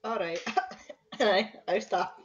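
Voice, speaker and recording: A woman's voice: medium pitch, slow, muffled recording, crowd noise. A woman playing a tabletop game, speaking in a hesitant, playful way. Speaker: player.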